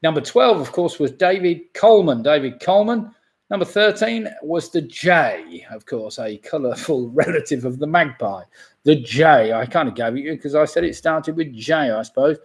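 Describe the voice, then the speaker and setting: A man's voice: a little high, lively intonation, moderate pace. Chatty man hosting a pub quiz. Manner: chatty, jokey asides while reading answers.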